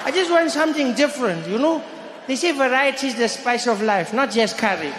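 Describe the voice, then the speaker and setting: A man's voice: animated, a little fast, echoey room, in a large hall, background noise. A man voicing a frustrated schoolboy friend who is fed up and complaining. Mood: exasperated. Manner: high shrieking outbursts. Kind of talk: stand-up comedy.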